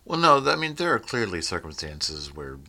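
A man with a very low voice and a bright edge talks reflectively in a casual chat. He wanders between thoughts, restarting sentences and drifting off on tangents. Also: sing-song, fairly quick. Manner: reflective, rambling, restarts and digressions. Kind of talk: casual conversation.

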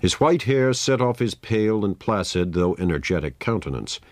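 A man reading a story aloud in a measured, dramatic manner. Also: fairly low pitch, very animated, dry recording. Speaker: narrator. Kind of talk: scripted story narration.

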